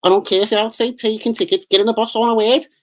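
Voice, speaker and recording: Put-on Scouse hard man, done by a male streamer: high, strained, threatening, sweary. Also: steady tone, racing, natural voice. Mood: menacing. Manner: threatening, ranting, heavy swearing. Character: menacing Liverpool hard man, adult male, hot-tempered.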